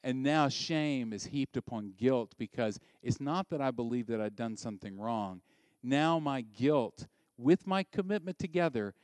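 In a dry recording, a man with a mid-range voice preaches as a pastor. He keeps it lively and conversational, addressing questions straight to the audience.

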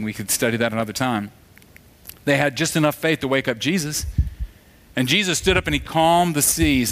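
A man's voice: medium pitch, fairly bright tone. Conversational storytelling preacher, a man. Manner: conversational storytelling preacher who acts out quoted voices. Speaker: pastor. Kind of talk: sermon.

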